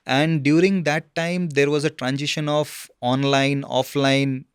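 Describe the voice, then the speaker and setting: Smooth-voiced man. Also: a little high, fairly even intonation, no room sound, clean studio sound. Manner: halting, frequent fillers and "okay?" check-ins. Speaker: interview guest. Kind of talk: casual interview conversation.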